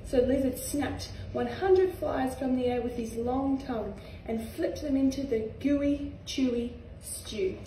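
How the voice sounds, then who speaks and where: A young Australian woman reading a children's picture book aloud in a gentle, sing-song way. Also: high-pitched, unhurried, few pauses, a little hiss or hum. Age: young adult. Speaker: reader, footballer. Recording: echoey room, far from mic.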